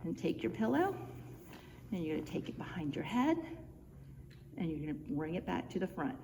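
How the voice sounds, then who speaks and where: A woman's voice: lowish voice, big pitch swings, moderate pace. Breathless woman leading home exercises. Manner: encouraging, chatty, cueing moves step by step. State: a bit out of breath. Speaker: fitness instructor. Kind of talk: guided home exercise instruction. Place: church room, indoors. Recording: reverberant room with faint background noise.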